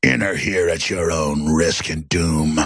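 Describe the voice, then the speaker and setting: A man putting on a deep, menacing growl to play a sinister male villain luring children. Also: unhurried, creaky, no room sound, clean studio sound, full character voice.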